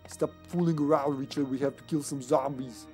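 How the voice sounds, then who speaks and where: A man's voice: mid-range voice, flat delivery, a little fast, mellow, soft background music. A man streaming a video game live, chatting casually, giggling often and talking to the game and his cat. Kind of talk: casual gaming commentary.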